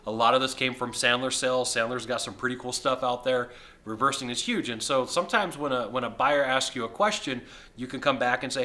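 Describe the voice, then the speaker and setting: A man with a bright, forward voice records a casual video from a hotel suite. He talks in an energetic, chatty way at a middling pitch. His voice is slightly hoarse, as if he is losing it. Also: brisk. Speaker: sales consultant. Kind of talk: casual video talk to camera.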